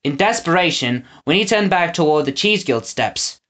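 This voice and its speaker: A man narrating a children's audiobook with an expressive reading. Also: fairly high pitch, moderate pace. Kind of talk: storybook narration.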